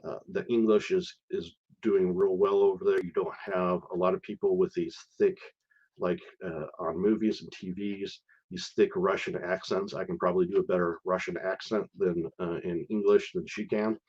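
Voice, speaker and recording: A man's voice: low voice, steady tone, normal speed, darkish tone, breathy edge, dull audio. A middle-aged man talking casually on a live stream, hesitant, with many fillers and restarts. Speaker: live stream host sharing visa experience.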